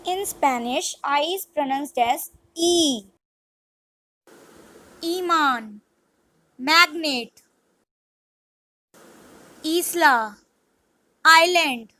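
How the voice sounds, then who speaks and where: Woman, language lesson, measured word-by-word reading, dry sound. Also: high-pitched, sharp tone, no room sound, rough recording. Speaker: language teacher. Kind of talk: scripted vocabulary lesson.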